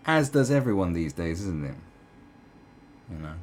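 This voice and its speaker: A man's voice: sits low, big pitch swings, moderate pace, slight background noise. A man giving rambling, sarcastic opinion commentary, full of fillers and asides.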